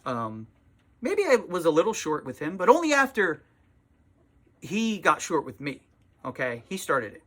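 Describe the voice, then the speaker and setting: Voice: mid-range voice, wildly swooping pitch, a little slow, long pauses, a bit bright. A tired comic shop owner talking in a casual vlog from the small shop, exasperated and sarcastic, swearing freely.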